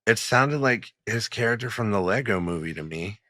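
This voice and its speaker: A man's voice: lowish voice, lively intonation, moderate pace, bright, forceful tone, dry recording, clean studio sound. A man co-hosting a podcast in casual chat, blunt and swearing freely. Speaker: podcast co-host.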